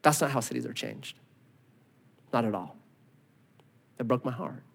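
A man in his thirties preaching a sermon, telling a story with lively voices, then dropping to quiet, earnest tones. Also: mid-range voice, measured pace, creaky. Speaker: pastor. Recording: long hall reverb.

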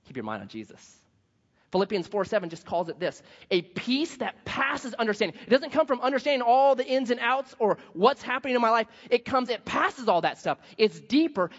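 A man preaching a sermon, telling a story in a lively way and acting out the voices of the people in it. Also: high voice. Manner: animated storytelling, acts out quoted voices. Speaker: pastor. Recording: dull sound with long hall reverb.

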